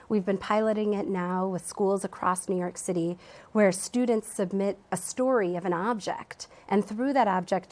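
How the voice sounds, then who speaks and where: Her voice is on the low side and a little mellow as this museum education director responds to interview questions in a TV studio. She comes across as thoughtful, with frequent ums and restarts.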